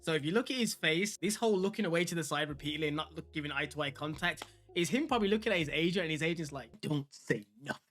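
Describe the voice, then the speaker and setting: A fitness vlogger reacts to a clip, talking very fast with few pauses in a fairly high, slightly bright voice. He's chatty and opinionated, speaking straight to his viewers.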